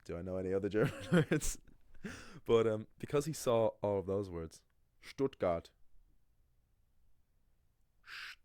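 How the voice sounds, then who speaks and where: A man's voice: lowish voice, animated, unhurried, long pauses, darkish tone, smooth, no echo, studio quality. A young man, a language teacher, talks through an anecdote in a casual, opinionated, rambling way. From Ireland. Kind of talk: casual explanatory video monologue.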